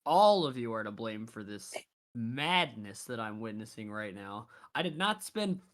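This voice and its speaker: A tabletop role-playing player delivers an in-character rant at mid pitch. The talk is exasperated and profane, swinging between loud outbursts and muttered asides. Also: big pitch swings, unhurried.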